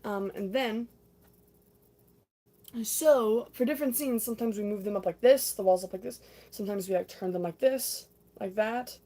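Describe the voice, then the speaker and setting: A woman's voice: medium pitch, moderate pace, dark tone. A young woman livestreaming, casually chatting and acting out scenes from a stage musical, breaking into sung snippets.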